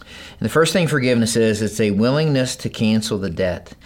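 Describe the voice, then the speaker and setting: A man preaching a sermon, moving between loud, emphatic lines and hushed, low delivery, and acting out the voices in the story he reads. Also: lively intonation, fairly quick. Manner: acts out the parable's characters in raised voices. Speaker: pastor.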